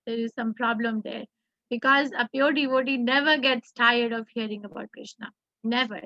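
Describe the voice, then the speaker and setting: A woman with an Indian English accent leads an online scripture class, reading verses slowly and quizzing students in quick questions. Her voice sits high and sounds bright. The audio is dry and a little dull, like a video call. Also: steady tone, no echo. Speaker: Gita class teacher.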